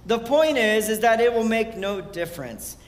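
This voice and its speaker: A man's voice: high-pitched, expressive, moderate pace. A man preaching a casual sermon, talking conversationally and retelling scripture in everyday words. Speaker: pastor. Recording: echoey hall.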